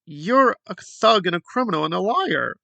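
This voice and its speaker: A man's voice: high voice, animated, normal speed, creaky, pushed and bright, dry recording. A man hosting a commentary video, ranting in a sarcastic, exasperated way. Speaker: commentary channel host.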